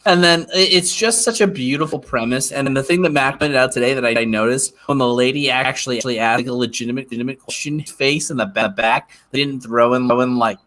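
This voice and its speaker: A man with a bright, mid-pitched voice co-hosts a casual podcast. He rambles loosely, swearing and restarting his sentences as he talks. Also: quick pace, few pauses. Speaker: podcast co-host.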